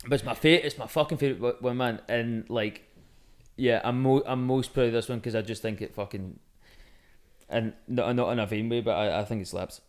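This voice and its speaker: A man's voice: medium pitch, steady tone, a little fast. A young man, a musician, chatting casually as a podcast guest in a sweary, laid-back, self-mocking way.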